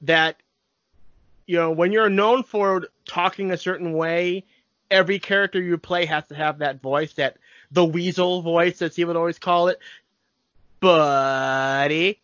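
A man's voice: high-pitched, steady tone, normal speed, a bit bright, no echo. Easygoing man, dry lo-fi sound. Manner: easygoing, explains with examples, brief agreements. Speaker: podcast co-host. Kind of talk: casual chat.

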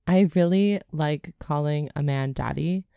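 A woman's voice: deep voice, a little slow, creaky, warm tone, smooth, no echo, clean studio sound. A woman co-hosting a podcast in casual chat, reacting to the story with gasps and giggles. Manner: reacts with gasps and giggles, drawls when musing. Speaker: podcast co-host.

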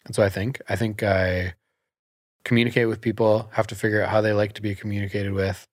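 Realtor guy on a podcast, kinda low voice, dry close sound, chatty and laughing a lot. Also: fairly quick, no echo. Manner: animated storyteller, laughs often. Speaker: realtor guest. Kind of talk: casual podcast chat.

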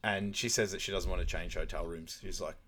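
A man's voice: sits low, steady tone, a little fast, a bit bright, slight background noise. A man co-hosting a podcast, retelling film scenes in casual chat with quoted lines and frequent laughs. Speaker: podcast co-host.

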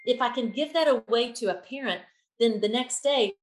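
A woman's voice: on the high side, moderate pace. A woman who leads children's ministry music, telling stories as an interview guest and acting out the lines she quotes. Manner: animated, acts out quotes with shifting voices. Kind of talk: conversational interview storytelling. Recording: echoey room.

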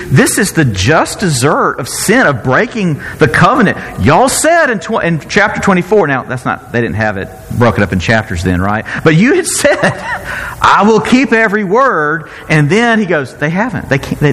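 A pastor preaching a conversational sermon, acting out quotes and often chuckling. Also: male voice, medium pitch, fairly bright tone, slightly rough, big-room sound.

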